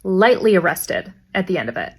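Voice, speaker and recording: A young adult woman, a teacher, telling funny classroom anecdotes in a dry, deadpan way and quoting her students. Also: fairly low pitch, moderate pace, husky. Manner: deadpan, wry delivery with quoted student voices. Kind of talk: anecdotal storytelling.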